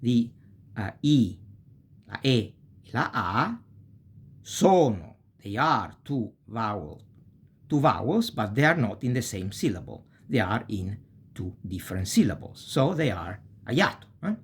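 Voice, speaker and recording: A man with an Italian accent teaching a language lesson, slowly spelling out syllables and checking in with "eh?". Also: on the low side, sing-song, breathy edge. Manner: slow, spells out syllables, tags with "eh?".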